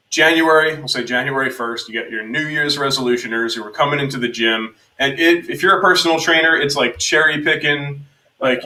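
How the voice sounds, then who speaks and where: A man's voice: medium pitch, pushed and bright, reverberant, far from the mic, poor audio. A man from New Jersey hosting a casual live chat, talkative, with frequent laughs and fillers. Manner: chatty, laughs often, many fillers. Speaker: host.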